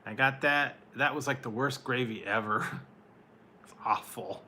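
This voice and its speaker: An adult man, once married, reviews food on a live stream and answers his chat in a loose, rambling way, full of fillers and little laughs. His voice is medium-pitched and a little slow, with a pushed, bright quality. There's slight background noise.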